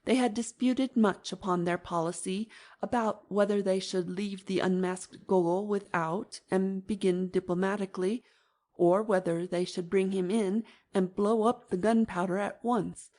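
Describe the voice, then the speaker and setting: A woman narrating an audiobook in an even, measured manner. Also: medium pitch.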